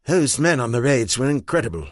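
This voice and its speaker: A man's voice: mid-range voice, big pitch swings, brisk, dry recording, studio quality, natural voice. A man voicing an earnest British staff officer giving a report in an audiobook.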